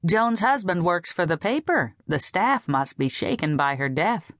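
A woman's voice: on the low side, expressive, a little slow, no room sound, clean studio sound, voice pushed up. A woman narrator voicing a weary, wry middle-aged wife who is a little cross.

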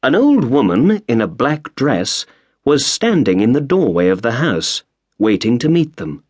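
Slow, expressive storybook narrator man. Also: medium pitch, breathy edge, dry recording. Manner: measured, expressive. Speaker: audiobook narrator.

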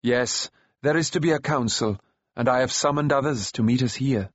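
A man playing a calm, wise warrior prince. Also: mid-range voice, no echo, highs cut off, close to an everyday voice. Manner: measured, gentle authority.

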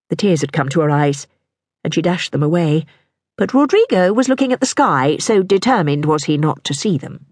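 A woman narrating a historical novel for an audiobook in a measured, even manner. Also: low-pitched, dry recording, studio quality.

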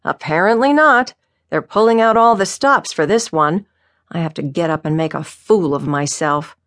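A fretful small-town police chief grumbles through his lines, as a woman narrator puts him on. He is a middle-aged man in a tight dress uniform, short-tempered and a little sulky. The voice sits fairly low and the read is dry and close, with no room sound. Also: normal speed, fairly bright tone, no echo, natural voice. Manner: gruff and grumbling.

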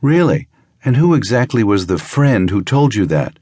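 A brisk, probing woman doctor, as a male narrator puts her on, firing off direct questions in a raised, lighter voice. She sounds clipped and matter-of-fact, with a dry, close sound to the reading. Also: fairly low pitch, very animated, a little mellow, breathy edge, no room sound, pitched above the performer's own voice.

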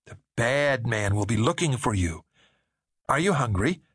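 Falsely sweet older woman, played by a man, slow and coaxing, high and husky. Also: big pitch swings, fairly bright tone, dry recording, clean studio sound, full character voice.

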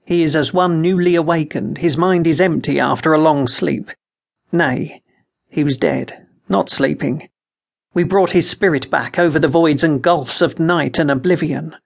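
A man's voice: fairly high pitch, a little slow, gravelly. A man voicing a fervent conspirator sorcerer who speaks urgently and proclaims. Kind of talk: audiobook character reading.

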